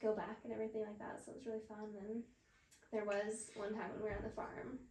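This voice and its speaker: A woman's voice: mid-range voice, flat delivery, fast talker, darkish tone, slight background noise. A young woman telling a casual story as a podcast guest, laughing often and filling her speech with "like". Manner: chatty, laughs often, many "like" fillers. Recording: roomy echo.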